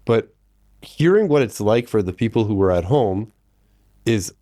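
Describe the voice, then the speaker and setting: Male host, low mellow voice, informal and halting. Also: animated. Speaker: podcast host. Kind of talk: casual interview.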